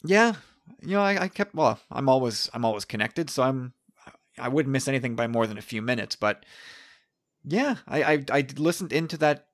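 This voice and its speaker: A man hosting a podcast in casual, excitable chat, often restarting his sentences. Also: medium pitch, moderate pace. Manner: chatty, excitable, with frequent restarts. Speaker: podcast host.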